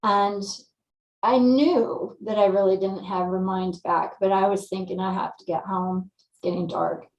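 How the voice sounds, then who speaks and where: A woman from California, a guest telling her story in a lively, casual way and acting out her own thoughts. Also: mid-range voice, a little slow, echoey room, dull audio. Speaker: interview guest.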